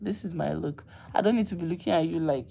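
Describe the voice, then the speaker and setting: Woman livestream host, gravelly, teasing, bursts of laughter and mock indignation. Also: on the low side, quick pace, slight background noise. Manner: animated, laughing, playful mock outrage. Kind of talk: casual livestream chat with viewers.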